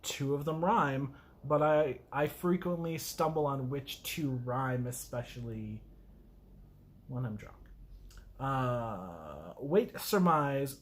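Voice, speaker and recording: A man casually reading a poem aloud, halting and self-mocking as he stumbles over words. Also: mid-range voice, animated. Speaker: video host.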